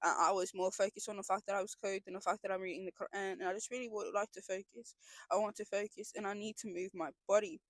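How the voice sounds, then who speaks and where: A woman's voice: mid-range voice, fairly even intonation, quick pace, no room sound. A young woman talking in a casual confessional vlog, earnest and emotional, rambling with frequent restarts. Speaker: vlogger.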